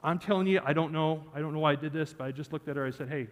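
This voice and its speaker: Storytelling preacher with a high voice. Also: male voice, rapid-fire. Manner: animated, joking with the congregation. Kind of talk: storytelling sermon. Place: church sanctuary. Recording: church hall reverb.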